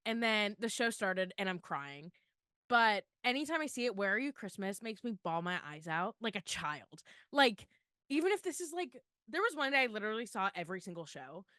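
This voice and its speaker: A woman's voice: mid-range voice, normal speed, no room sound, clean studio sound. A young woman co-hosting a podcast, chatting casually and gushing with emotion, full of "like" fillers. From Florida. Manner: gushing, tearful excitement, lots of "like". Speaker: podcast co-host.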